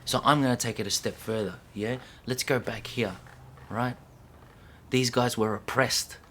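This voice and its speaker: A man delivers an impassioned rant straight to camera, packed with swearing. He swings between loud, heated outbursts and low, hissed whispers, and his voice sits at an average male pitch. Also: fairly even intonation, unhurried. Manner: heavy swearing, repeats lines for emphasis. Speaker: breakdancer.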